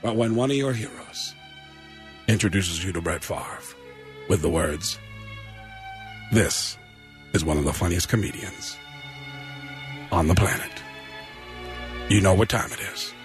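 Man doing a deep, grave old narrator voice. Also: faint music behind. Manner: slow, grave, deep delivery. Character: deep slow-talking older male narrator.

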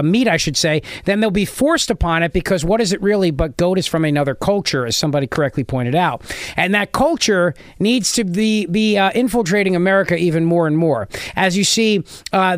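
A man's voice: sits high, no room sound, clean studio sound. A man hosting a call-in talk radio show, sarcastic and mocking as he takes calls. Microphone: studio mic.

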